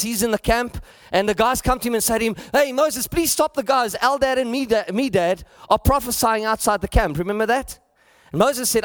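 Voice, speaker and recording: High-voiced South African preacher. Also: male voice, no echo, studio quality. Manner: preaching with rising emphasis and repeated phrases. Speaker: pastor. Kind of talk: sermon.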